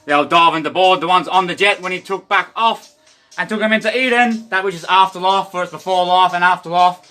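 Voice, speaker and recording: Australian man, livestreamer; rambling and profane, higher tense voice. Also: fairly quick, bright, forceful tone, soft background music. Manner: rambling, profane, stream-of-consciousness. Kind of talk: rambling monologue.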